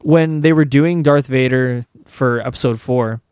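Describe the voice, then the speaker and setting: A man in casual conversation, telling stories in an animated way. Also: mid-range voice, clear, resonant tone, no room sound, clean studio sound. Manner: animated storytelling, quick asides. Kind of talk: casual chat.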